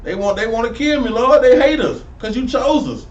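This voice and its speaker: Male street preacher, high-pitched, caught on a distant mic in a roomy space. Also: fairly quick, muffled recording. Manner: preachy, animated, sidewalk slang, rising to near-shouts. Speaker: street preacher teaching a class. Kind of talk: street Bible teaching.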